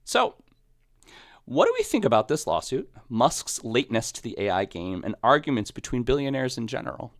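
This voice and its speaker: A man's voice: mid-range voice, big pitch swings, normal speed, no echo, clean studio sound. A man co-hosting a podcast in casual chat, rambling with restarts and laughing often. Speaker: podcast co-host. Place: podcast studio.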